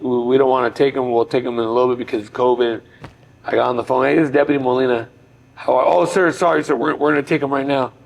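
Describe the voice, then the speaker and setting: Podcast guest, middle-aged man, gravelly voice, earnest and reflective storyteller. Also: medium pitch, low-quality recording. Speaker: podcast guest, former boxer. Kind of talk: personal storytelling in conversation.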